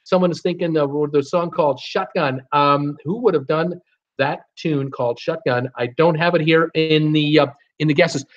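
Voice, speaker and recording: A man's voice: a little high, moderate pace. A man hosting a live trivia stream, reading out viewers' guesses with many fillers and half-singing song titles. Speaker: live trivia show host. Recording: dull lo-fi stream audio.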